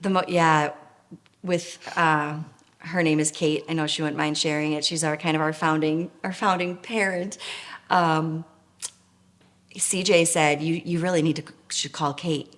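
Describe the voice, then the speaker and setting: Woman, middle-aged, very low voice, earnest storytelling, nonprofit co-founder. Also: fairly even intonation, unhurried. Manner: earnest, emotional, with frequent fillers. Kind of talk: personal storytelling.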